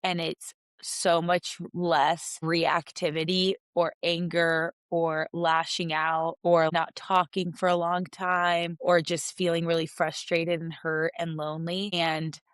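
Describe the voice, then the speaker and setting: A woman's voice: fairly low pitch, flat delivery, slow, hardly any pauses, clean tone, no room sound. A woman from Russia co-hosting a podcast, talking in a reflective, heartfelt way in long flowing sentences. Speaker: podcast co-host. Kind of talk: casual podcast chat.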